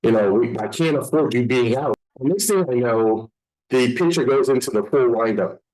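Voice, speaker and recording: A man's voice: mid-range voice, moderate pace, rough recording. Podcast host dude, middle voice, gets really into his stories. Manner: animated storyteller, acts out quotes. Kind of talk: casual podcast chat.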